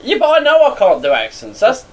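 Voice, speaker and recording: A man's voice: very high voice, wildly swooping pitch, fairly quick, far from the mic. A young man co-hosting a radio show, blunt and defensive when teased. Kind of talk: casual banter.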